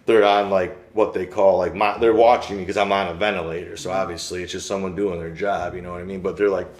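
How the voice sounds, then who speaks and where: In a relaxed interview, a young shooting survivor recounts what happened to him in a low-pitched, somewhat mellow voice with a steady tone and quick pace. His telling is slangy and meandering, and he performs the quotes of others, with the room echoing and faint music playing.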